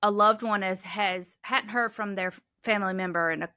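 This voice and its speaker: A woman with a bright, forceful voice talks earnestly and openly in a podcast interview about her emergency dispatch work. Her speech turns halting at times, recorded close and dry with no room echo. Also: mid-range voice. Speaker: 911 dispatcher guest.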